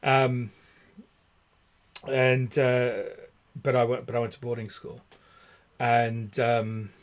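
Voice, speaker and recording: A man in his forties from Australia with a light, posh Australian accent, chatting casually over drinks as host, halting with many restarts. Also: medium pitch, flat delivery. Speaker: vlog host.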